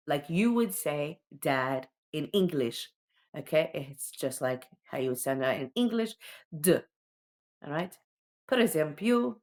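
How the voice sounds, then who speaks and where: A woman teaching children the alphabet, patiently sounding out each letter and often checking in with "okay?". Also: deep voice. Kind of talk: slow alphabet lesson for children.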